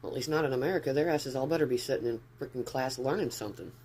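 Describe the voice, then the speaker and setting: A man's voice: medium pitch, rapid-fire, a little mellow, slight background noise. A man chatting casually on a live stream from his phone at home, rambling and easily sidetracked. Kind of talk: casual livestream chat. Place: upstairs room at home.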